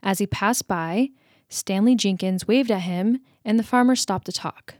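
A woman's voice: mid-range voice, measured pace, darkish tone, no room sound. An American woman with a mid-range voice co-hosts a podcast, bantering playfully and reading creepy stories. The sound is close and dry. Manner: laughs easily, playful. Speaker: podcast co-host. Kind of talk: casual chat and story reading.

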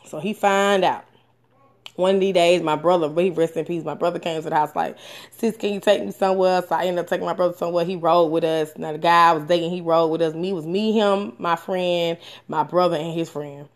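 A woman in her thirties telling a personal story candidly and frankly, swearing often, with many fillers and restarts. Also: a little fast. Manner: animated, with sudden rises in pitch and loudness. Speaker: storyteller sharing a personal experience.

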